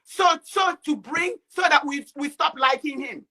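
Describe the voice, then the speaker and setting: A woman caller with a Nigerian English accent, talking angrily and firing off rhetorical questions. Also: high-pitched. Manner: angry, rapid rhetorical questions, near shouting. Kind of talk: impassioned call-in talk.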